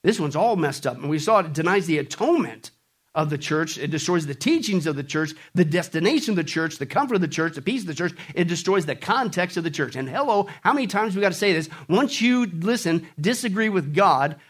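This pastor preaches with animated, playful energy, acting out jokes, mocking voices and calling for the congregation to answer back. His voice sits fairly high and moves at a fairly quick pace.

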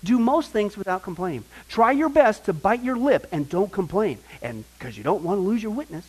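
Animated high-voiced male preacher. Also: normal speed, husky, poor audio. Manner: animated, acts out quoted voices, asks the audience questions. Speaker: pastor teaching a Bible study. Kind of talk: sermon.

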